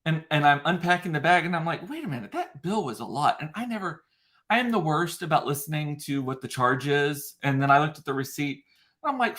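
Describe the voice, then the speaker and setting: A middle-aged man, a podcast host, telling a story in casual chat, animated and swearing, acting out the voices of people he quotes. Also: fairly high pitch, a little fast.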